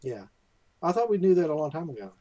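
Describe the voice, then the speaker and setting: Young man, mellow dark voice, dry close sound, casual podcast chat, thinks aloud. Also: a little high, sing-song, fast, no echo, dull audio. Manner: thinks aloud, restarts often, explains plot. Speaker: podcast co-host.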